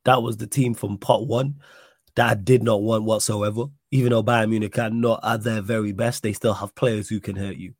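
A man's voice: lowish voice, steady tone, normal speed, no echo, studio quality. A man hosting a casual live stream, chatting and reading out viewer messages, with a slight cough. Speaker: stream host.

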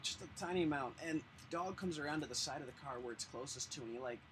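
A man telling a story casually on a podcast, animated and swearing, acting out the other people in his story. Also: on the high side, fast talker, a little hiss or hum, rough recording. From Denver area. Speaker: podcast guest, artist.

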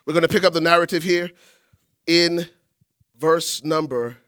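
Animated high-voiced preaching man. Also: measured pace, dry recording, studio quality. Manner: call-and-response preaching, animated. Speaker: pastor. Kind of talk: sermon.

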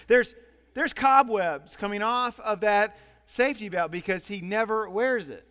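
High-voiced male preacher in a hall. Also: measured pace, clear, resonant tone. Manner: animated, storytelling preacher. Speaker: pastor. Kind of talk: sermon. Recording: long hall reverb.

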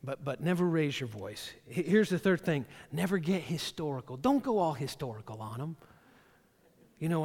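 A man's voice: fairly high pitch, animated, moderate pace, darkish tone. A man preaching a sermon as a pastor in a church, talking conversationally and often repeating words as he starts a phrase. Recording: long reverb of a large hall.

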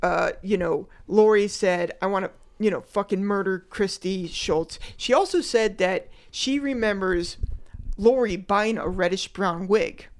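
A woman's voice: medium pitch, measured pace. A woman hosting a casual true-crime podcast, rambling with lots of fillers and frequent laughter. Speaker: podcast host.

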